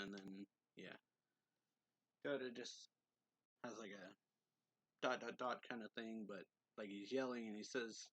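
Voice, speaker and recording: A man's voice: lowish voice, fairly even intonation, moderate pace, fairly bright tone, no room sound, lo-fi sound. Rambling man recapping a comic chapter. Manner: rambling, filler-heavy retelling; reads character quotes aloud in his normal voice. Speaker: manga reviewer.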